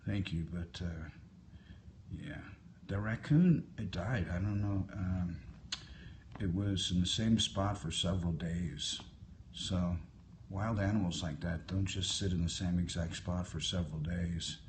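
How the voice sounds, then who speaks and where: A man in his fifties with a deep, low voice, talking into a phone during a live stream. He answers viewer questions in a relaxed, musing way and wanders from one topic to the next. Faint ambient noise sits behind him. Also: a little slow. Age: 50s. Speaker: livestreamer answering viewer comments. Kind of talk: casual live-stream chat. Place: hotel at sunrise. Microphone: phone held for a live stream.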